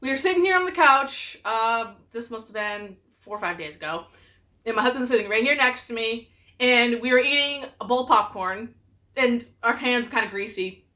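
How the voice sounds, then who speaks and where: A young woman talks to her viewers in a bright, fairly high voice. She tells funny stories about her husband in an animated way and laughs often. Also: normal speed. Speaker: vlogger. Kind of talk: casual storytelling to camera.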